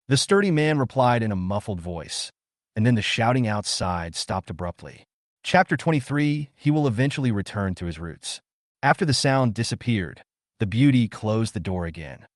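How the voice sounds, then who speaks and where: A man's voice: lowish voice, sing-song, normal speed, dry recording, studio quality. A man narrating a comic story in a scripted storytelling style.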